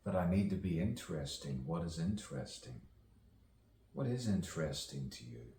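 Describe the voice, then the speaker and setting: A man's voice: deep voice, sing-song, moderate pace, warm tone, a little hiss or hum. A man delivering a rambling spoken-word soliloquy, musing to himself and repeating phrases. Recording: echoey, distant mic with faint ambience.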